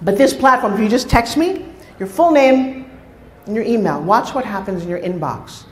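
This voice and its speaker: Energetic woman speaker in an echoey hall. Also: medium pitch, moderate pace. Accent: New York. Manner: energetic, storytelling with asides to the audience. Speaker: motivational speaker. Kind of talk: motivational stage talk.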